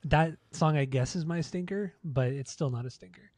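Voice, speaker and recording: A man's voice: fairly high pitch, normal speed, a little mellow, no echo. Laid-back swearing podcast co-host man. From United States. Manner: laid-back, swears freely, laughs often. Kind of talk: casual chat.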